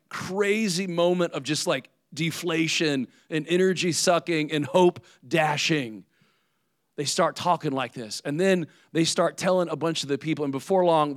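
A man's voice: fairly high pitch, moderate pace, no room sound, clean studio sound. Conversational male pastor preaching. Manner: conversational, often asks "right?". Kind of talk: sermon.

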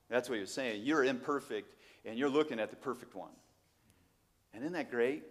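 Male preacher, middle-aged, animated, emphatic, rhetorical questions, mid-pitched voice. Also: normal speed, long reverb tail. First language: Portuguese. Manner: animated, emphatic, swings from low asides to loud exclamations, rhetorical questions. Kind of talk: sermon.

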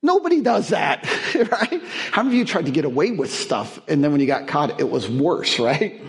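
Storytelling male preacher, slightly high voice. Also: very animated, normal speed. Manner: storytelling with humor, chuckling, rising emphatic peaks. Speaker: guest preacher. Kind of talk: sermon.

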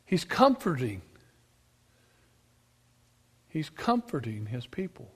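A male preacher delivering an emphatic sermon, asking his congregation questions and swinging between loud declarations and quiet asides. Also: on the high side, very animated, slow pace, husky. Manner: emphatic, rises and drops sharply, asks the congregation questions. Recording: long reverb of a church hall.

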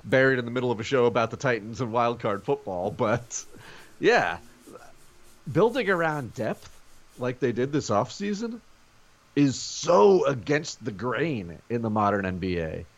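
A man's voice: medium pitch, expressive, normal speed. A man co-hosting a sports podcast from home over a video call, talking energetically in casual chat. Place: home during a snow day.

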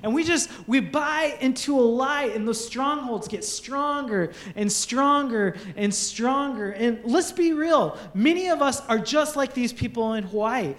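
A man's voice: very high-pitched, a little slow, hardly any pauses, fairly bright tone. A young adult man preaching a sermon as a pastor, earnest, building his points through repetition.

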